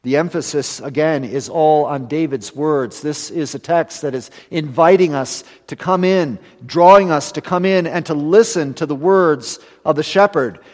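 A man preaching a sermon earnestly, building to emphatic lines and then dropping to a hushed close. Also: on the high side, moderate pace, hardly any pauses, in a large hall.

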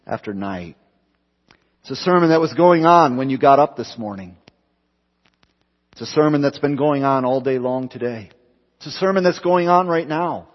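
A pastor delivering an evening sermon, building phrases through repetition and rising and falling for emphasis. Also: male voice, mid-range voice, big-room sound, lo-fi sound. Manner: preaching with repetition, swelling and dropping for emphasis. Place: church.

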